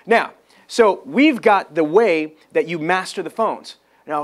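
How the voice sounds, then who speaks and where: A man giving a motivational sales training talk, with a high-energy, hyped delivery and excited shouts. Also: slow pace.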